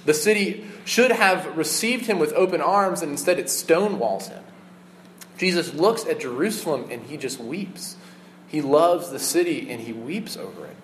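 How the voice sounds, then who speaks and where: A man in his thirties delivers a sermon in an earnest, conversational tone, pausing on small fillers as he explains. His voice sits a little higher than most men's, and a faint hum of room noise runs underneath. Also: lively intonation, rough recording. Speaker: pastor.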